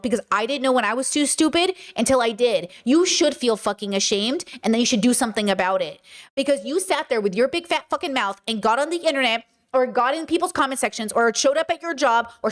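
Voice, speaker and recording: A livestream host with a high, ringing voice delivers a fiery monologue, hammering each point home with blunt profanity. The tone is lecturing and insistent, and the host breaks off now and then to answer viewers in the chat. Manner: reads and answers chat comments.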